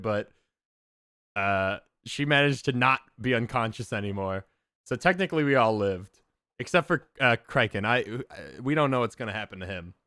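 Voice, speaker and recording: A man streamer excitedly telling a tabletop game story to his chat, swearing and laughing often. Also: medium pitch, smooth, no echo, studio quality.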